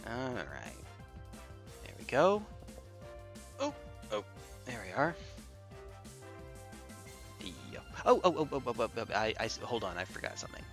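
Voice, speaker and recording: A man's voice: medium pitch, huge pitch swings, normal speed, pauses often, a bit bright, faint music behind. A man streaming online battles, joking and thinking aloud in casual commentary with lots of repeats.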